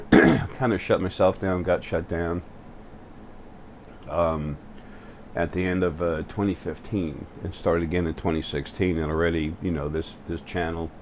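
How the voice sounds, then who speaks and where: Deep-voiced halting man. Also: fairly even intonation, slight background noise. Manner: halting, full of fillers and restarts. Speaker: channel host. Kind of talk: spiritual vlog monologue. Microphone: facing the camera.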